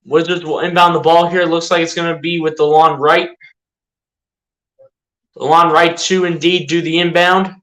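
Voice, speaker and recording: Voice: mid-range voice, flat delivery, moderate pace, long pauses, a bit bright, low-quality recording. A fan doing live play-by-play of a basketball game, exasperated, firing rhetorical questions at the team and often correcting or repeating themselves. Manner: chatty, self-correcting, repeats itself.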